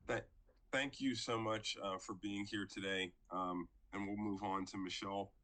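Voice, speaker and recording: Man, hearing moderator, low voice, bright edge, brisk and polite. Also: steady tone. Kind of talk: running a hearing.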